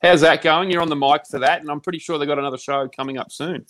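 Laid-back podcast host. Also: male voice, fairly high pitch, steady tone, fast, a bit bright. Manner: laid-back, joking banter. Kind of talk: casual podcast chat.

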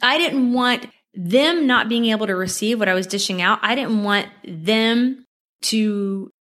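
A woman in her forties, a coach chatting casually with viewers about her own life, heartfelt and quick to laugh, her voice leaping up when she gets excited. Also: fairly high pitch. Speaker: manifestation and tapping coach. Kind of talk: casual personal storytelling to viewers.

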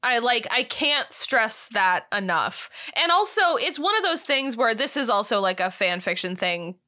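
A woman's voice: a little high, sing-song, moderate pace, sharp tone. A woman co-hosting a podcast in casual chat, outspoken and easily exasperated, swearing now and then. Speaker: podcast co-host.

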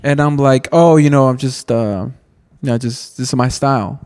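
A man's voice: mid-range voice, normal speed, a little mellow. A young man from Texas telling a rambling, restart-filled story in casual podcast chat, peppering it with "dude". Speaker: podcast co-host.

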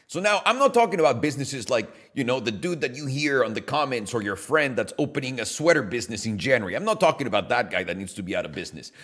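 A man hosting a podcast, giving an animated, casual opinion monologue with swearing and jokey asides. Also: medium pitch, husky. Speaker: podcast host.

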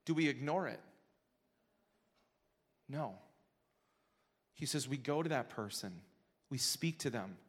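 High-voiced preacher in a reverberant church. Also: male voice. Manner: swings from quiet intimate teaching to loud passionate exhortation. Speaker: pastor. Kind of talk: sermon. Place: church sanctuary. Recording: long hall reverb.

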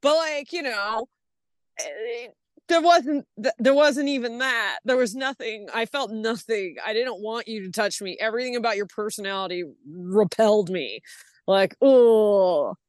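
A woman guest on a podcast telling stories in casual chat, animated and swearing freely. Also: on the high side, moderate pace, no room sound, clean studio sound.

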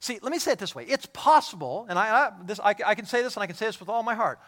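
High-voiced man preaching emphatically. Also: expressive, racing, few pauses. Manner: emphatic preaching, swings from hushed to loud; repeats and restarts phrases for emphasis. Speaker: pastor. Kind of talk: sermon.

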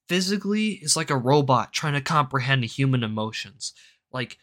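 A man's voice: medium pitch, a little fast, sharp tone. A young man of about eighteen hosting a solo commentary show, ranting with heavy swearing and rambling off on tangents. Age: young adult, about 18. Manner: profane, rambling, goes off on tangents. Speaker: show host.

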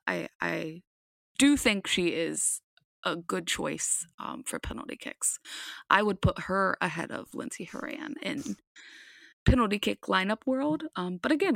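A woman's voice: on the low side, creaky, a bit bright, no echo, clean studio sound. A woman co-hosting a podcast, chatting casually about a game with frequent ums and restarts. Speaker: podcast co-host. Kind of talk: casual sports chat.

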